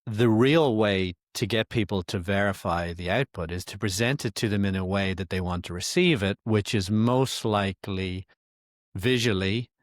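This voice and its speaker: A man's voice: on the low side, no echo, studio quality. A man co-hosting a podcast in casual chat, explaining his points thoughtfully with frequent restarts. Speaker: podcast co-host.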